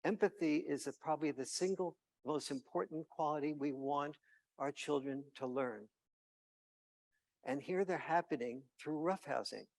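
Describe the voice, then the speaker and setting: Brief: male keynote speaker, storyteller, slightly high and gravelly, halting. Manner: storytelling with hesitant fillers and restarts. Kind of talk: conference keynote.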